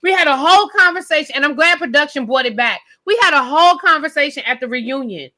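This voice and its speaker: A woman's voice: high-pitched, animated, fast talker, sharp tone. A woman panelist giving blunt, emphatic opinions with slang in a casual chat.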